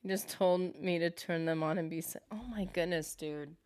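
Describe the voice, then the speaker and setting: A woman's voice: on the low side, steady tone, normal speed, hardly any pauses, darkish tone, smooth, dry recording, studio quality. A woman streaming a game live, chatting casually and thinking aloud as she answers her viewers. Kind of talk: casual live-stream chat while gaming.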